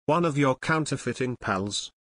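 A man's voice: medium pitch, expressive, moderate pace, fairly bright tone, close to an everyday voice. A man voicing a bold teenage boy detective who speaks with urgency, in an audiobook reading. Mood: urgent. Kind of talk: audiobook narration.

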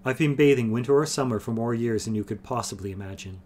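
A man voicing a stern, ageless sorceress woman who speaks gravely and tartly in a fantasy audiobook reading. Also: mid-range voice, fast, darkish tone, lightly acted. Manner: grave, tart.

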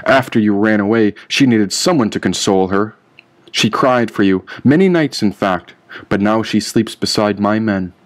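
A man's voice: on the low side, moderate pace, lightly acted. A man reading the part of a cruel king who sneers and accuses in an audiobook. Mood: sneering. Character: cruel taunting male king.

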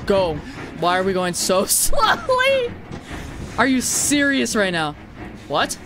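Lively horror-game streamer, swears a lot, shrieks at scares, moderate pitch with big swings, faint hiss behind. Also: slow pace, pauses often. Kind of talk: live game stream commentary.

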